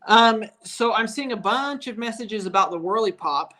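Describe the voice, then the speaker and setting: A man's voice: high voice, lively intonation, normal speed, bright, forceful tone. A man, a father and family vlogger, chatting easygoing and joking with viewers. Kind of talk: casual live chat with viewers.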